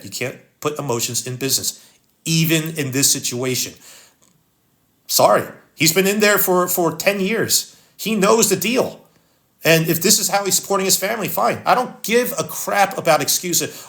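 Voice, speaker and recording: Live-stream host, man, Philadelphia accent, higher-pitched, blunt and no-nonsense while reading comments. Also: moderate pace, creaky, fairly bright tone. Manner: blunt, wisecracking, reads viewer comments aloud. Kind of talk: casual live-stream chat.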